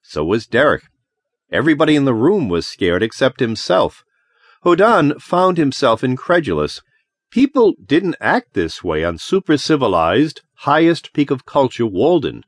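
Expressive male audiobook narrator. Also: medium pitch, moderate pace, no echo. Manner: expressive, dramatic storytelling. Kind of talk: scripted narration.

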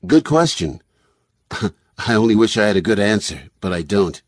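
A man voicing a calm, confident male brain surgeon who explains in a measured way. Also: fairly low pitch, no room sound, studio quality.

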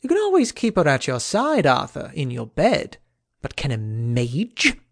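Brief: man doing a jovial, needling knight for an audiobook; higher, bantering voice, dry sound. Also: wildly swooping pitch, moderate pace, creaky, no echo, exaggerated voice. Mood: scornful. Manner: bantering, mocking. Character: jovial teasing male knight, brash and mocking.

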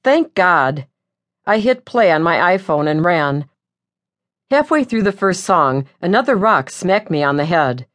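A woman narrating a first-person audiobook in a wry, lively way. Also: fairly low pitch, a little slow.

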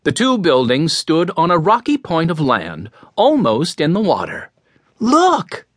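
Casting note: a male children's audiobook narrator. Very lively pitch, husky, dry sound. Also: normal speed, no echo. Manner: expressive, storytelling. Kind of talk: scripted children's story narration.

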